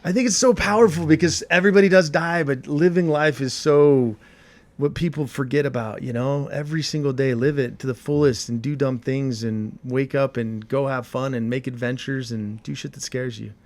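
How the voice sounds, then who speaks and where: Male guest, chatty and lively, mid pitch. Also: normal speed. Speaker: podcast guest. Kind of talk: casual chat.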